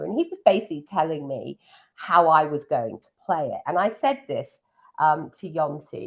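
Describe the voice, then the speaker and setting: Gravelly low woman reminiscing. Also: animated, moderate pace. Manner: fond, reminiscing, frequent ums. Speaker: piano teacher and pianist. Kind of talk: casual interview chat.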